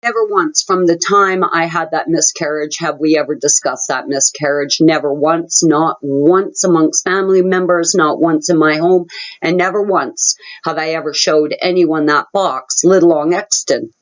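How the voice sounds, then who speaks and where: A woman's voice: low-pitched, fairly even intonation, normal speed. A woman hosting her own channel, telling a personal story in an earnest, dramatic way. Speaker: channel host. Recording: muffled lo-fi audio.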